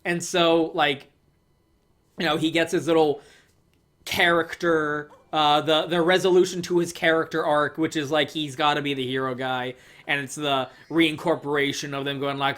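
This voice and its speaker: A man's voice: a little high, steady tone, moderate pace, a bit bright. A young man rambling casually through a movie review, swearing, laughing often and filling his talk with "like". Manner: rambling, swears, filler-heavy, laughs a lot.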